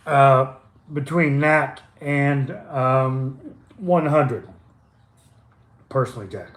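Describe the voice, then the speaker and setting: A man's voice: medium pitch, drawn-out words, long pauses, echoey room. An older man casually hosting a live stock chart stream from home, loose and chatty, wandering into stumbles and asides. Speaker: stock chart livestream host.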